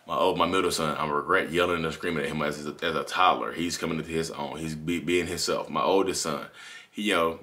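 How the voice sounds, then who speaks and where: A man in his thirties talks to camera in a candid, rambling confessional. His voice sits very low but sounds bright and forceful. He moves at a quick clip and keeps circling back to fix his own timeline. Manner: candid, rambling, self-correcting. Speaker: channel host. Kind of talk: confessional monologue.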